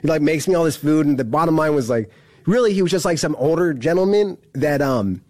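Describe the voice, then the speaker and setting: A man's voice: on the high side, lively intonation, a little fast, a little mellow, no echo, studio quality. A man recounting a story in a casual, rambling way, packed with fillers and frequent laughter. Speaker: incarcerated storyteller.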